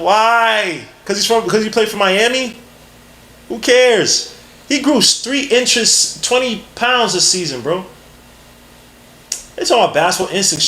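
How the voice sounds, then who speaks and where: A podcast host with a fairly high-pitched voice gives live draft commentary, rambling and full of slang. He's excitable and leaps quickly from one thought to the next.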